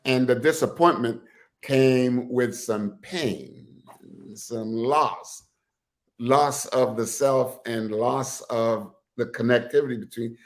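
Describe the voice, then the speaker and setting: Guy hosting a talk show, earnest, keeps restarting his sentences, mid-pitch voice. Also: slow pace. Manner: earnest, with frequent restarts and repeated words. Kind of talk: casual interview.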